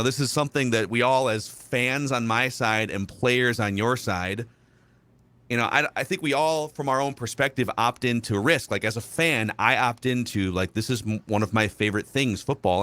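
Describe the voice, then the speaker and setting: A man's voice: mid-range voice, a bit bright, no room sound. A man hosting a sports podcast, setting up questions in a loose, rambling, self-deprecating way. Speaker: podcast host. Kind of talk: podcast interview.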